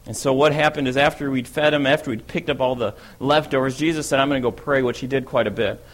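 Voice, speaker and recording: A man's voice: mid-range voice, steady tone, fast talker, natural voice. A man playing an eager, bold fisherman apostle in a first-person dramatic monologue, telling his story in a chatty way and often asking "right?". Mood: wondering.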